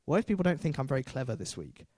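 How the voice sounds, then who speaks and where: A man's voice: medium pitch, sing-song, racing, a little mellow, slightly rough, no echo, studio quality. A man preaching a sermon in a chatty way, with self-deprecating jokes and frequent fillers.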